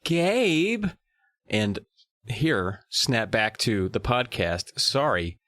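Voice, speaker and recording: A man's voice: fairly low pitch, expressive, slow pace, pushed and bright, no echo, studio quality. A man co-hosting a podcast, retelling the plot in casual, storytelling chat. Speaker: podcast co-host. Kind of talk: casual chat recapping a book.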